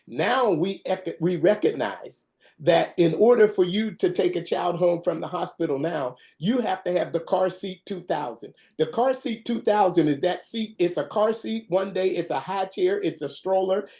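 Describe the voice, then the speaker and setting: A webinar presenter telling a folksy, animated story and acting out the quotes. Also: mid-range voice.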